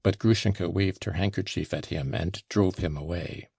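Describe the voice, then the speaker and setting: A male audiobook narrator reading a classic novel at an unhurried, measured pace. His low voice carries a gravelly, husky texture. The sound is close and dry. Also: darkish tone, no echo.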